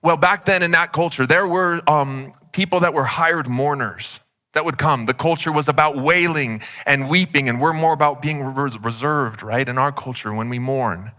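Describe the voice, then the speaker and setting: A man's voice: a little high, normal speed, sharp tone. A male pastor giving a conversational sermon, often saying "like" as he speaks. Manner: conversational, heavy use of "like".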